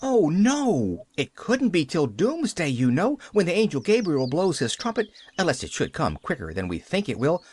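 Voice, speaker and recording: A man's voice: medium pitch, big pitch swings, fast, hardly any pauses, slightly rough, no echo. A man reading an audiobook, voicing a cheerful, chattering eleven-year-old orphan girl who rambles eagerly. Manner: eager, rambling, breathless reasoning. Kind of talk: audiobook character voice.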